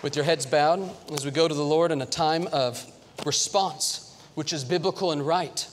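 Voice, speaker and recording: A man preaching a sermon in a church sanctuary, earnest and emphatic, slowing down and repeating lines for weight. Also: a little high, slight background noise. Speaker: pastor. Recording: long church reverb.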